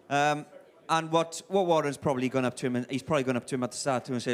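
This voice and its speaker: A man's voice: medium pitch, fairly even intonation, fast talker. A man, a former player giving rugby analysis on a live panel, earnest and explanatory. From Wales. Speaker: rugby pundit.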